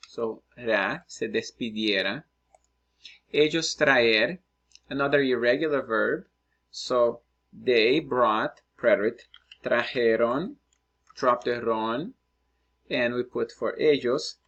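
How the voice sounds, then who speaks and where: Slow, patient male Spanish teacher. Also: mid-range voice, fairly bright tone. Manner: slow, patient, thinking aloud while writing. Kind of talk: screen-recorded lesson, working through exercises.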